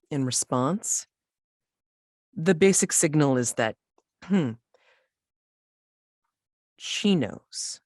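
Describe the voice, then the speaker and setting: A woman narrates a tabletop game as game master, slowly and hesitantly, often restarting her sentences. Her voice is very low and husky. The sound is dry and close. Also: darkish tone, dry recording.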